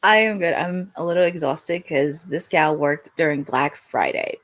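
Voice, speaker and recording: A woman's voice: deep voice, normal speed. Chatty woman podcast co-host. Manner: chatty, hesitant restarts, laughs often. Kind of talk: casual chat.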